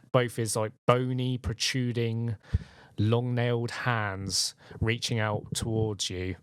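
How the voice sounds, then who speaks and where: A man's voice: fairly low pitch, clear, resonant tone, dry recording, clean studio sound. A man narrating a tabletop game as game master, rambling with many fillers.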